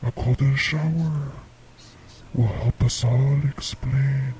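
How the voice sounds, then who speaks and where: Slow deadpan mock-solemn male host. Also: mid-range voice, slight background noise. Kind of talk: comedic radio call-in bit.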